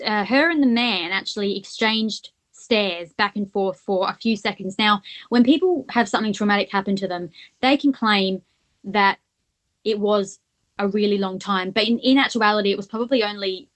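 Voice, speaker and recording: A woman's voice: mid-range voice, moderate pace. A woman co-hosting a podcast, retelling a case at length in casual chat and thinking aloud as she goes. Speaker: podcast co-host. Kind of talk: casual true-crime chat.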